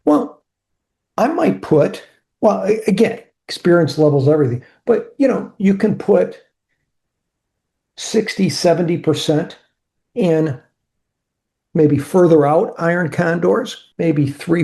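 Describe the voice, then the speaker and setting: A man's voice: fairly high pitch, animated, slow, vocal fry, long pauses, dark tone. A man teaching options trading over a screen recording, talking casually and answering imagined viewer questions himself. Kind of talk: screen-share trading walkthrough.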